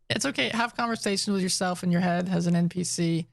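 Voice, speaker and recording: A man's voice: high voice, gravelly, fairly bright tone, no room sound, clean studio sound. A young man co-hosting a podcast, chatting and teasing his partner in an easygoing way. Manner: easygoing, teasing, quick to laugh. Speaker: podcast co-host. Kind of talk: casual chat about tabletop roleplaying.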